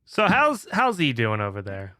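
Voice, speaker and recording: A man's voice: medium pitch, wildly swooping pitch, normal speed, background noise. A man telling a heated story on a casual podcast, swearing a lot and getting fired up. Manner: profane, fired-up ranting. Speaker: podcast co-host.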